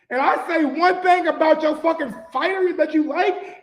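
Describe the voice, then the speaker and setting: High-pitched male sports host, casual profane rant, echoey room sound. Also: fairly quick, hardly any pauses. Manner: animated, profane, swings from mutters to shouting. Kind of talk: casual ranting commentary.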